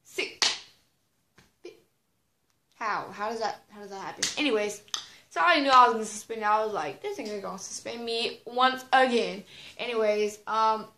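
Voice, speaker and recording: A woman's voice: fairly high pitch, fairly quick, pushed and bright, a little hiss or hum. Rambling teen girl in an echoey room. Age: teens. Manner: rambling, filler-heavy slang with swearing. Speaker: vlogger. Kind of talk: casual storytime monologue. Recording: roomy echo.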